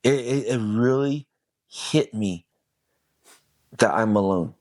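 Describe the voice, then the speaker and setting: A man's voice: on the low side, takes it slowly, a little mellow, no echo. Emphatic man telling his story, dry sound. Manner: intense, emphatic, swears freely. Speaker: podcast guest. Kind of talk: personal testimony storytelling.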